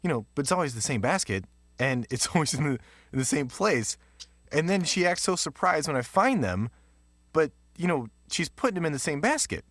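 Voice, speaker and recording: A wry young pet dog for an ad. He rambles chattily, pitched a little high, and sounds mock-exasperated with his owner's habits. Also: sing-song, brisk, fairly bright tone, no echo, studio quality. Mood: amused, exasperated. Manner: chatty, amused complaints. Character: young male pet dog, new home, wry and bemused. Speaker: ad character. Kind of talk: scripted ad voice-over.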